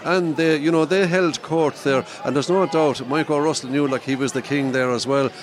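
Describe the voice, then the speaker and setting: A man's voice: fairly high pitch, steady tone, moderate pace, crowd noise. A man in his fifties with a County Clare accent, co-hosting a radio show in a chatty, wry way. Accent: Irish, County Clare. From Ireland. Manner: chatty, wry, laughs at himself. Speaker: radio co-host. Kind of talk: casual radio chat.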